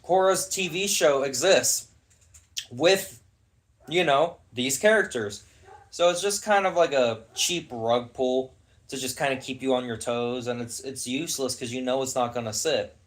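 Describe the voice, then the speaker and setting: A man's voice: mid-range voice, a little slow. A young man ranting in casual podcast chat, heated, sarcastic and profane.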